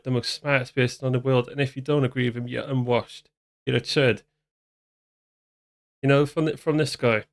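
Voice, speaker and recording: A man hosting a reaction commentary, talking casually in a sarcastic, mocking way with lots of restarts. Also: medium pitch. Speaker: commentary channel host.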